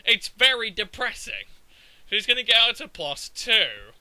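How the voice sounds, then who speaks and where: A man's voice: very high voice, sing-song, normal speed, pushed and bright, no room sound, low-quality recording. A young man giving a sweary, exasperated commentary over his own game recording. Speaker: gaming commentator.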